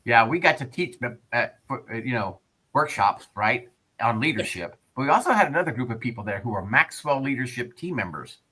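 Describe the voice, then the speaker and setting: A man with a Texan accent hosting a podcast interview, energetic and chatty, calling his co-host partner. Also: medium pitch, husky, poor audio. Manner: energetic, drawn-out repeats, calls co-host partner. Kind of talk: casual interview chat.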